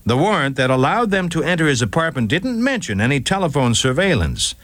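A man's voice: a little high, big pitch swings, a little fast, a bit bright, dry recording. A man doing a formal defense lawyer. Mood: earnest. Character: formal male defense attorney.

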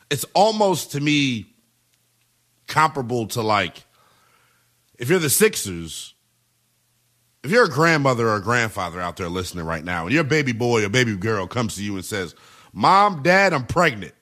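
A man hosting a sports talk radio show, delivering an emphatic, animated monologue with lots of repetition. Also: mid-range voice.

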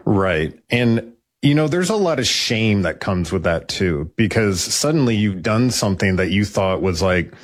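Male guest, low voice, dry close mic, plain storyteller with a wry edge. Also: animated, a little slow, dry recording. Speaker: police officer guest. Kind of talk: personal story in a podcast interview.

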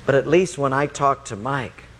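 A man preaching, voicing God in a low, measured, gently reproving way. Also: slight background noise, close to an everyday voice. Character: God, a calm fatherly divine voice correcting a man.

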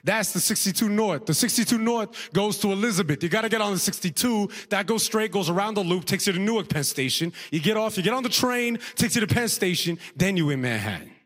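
A comedian playing a fast-talking, helpful male airport officer who rattles off directions. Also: high voice, animated, fairly bright tone, long reverb tail, voice pushed up. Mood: confident. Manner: rapid confident directions.

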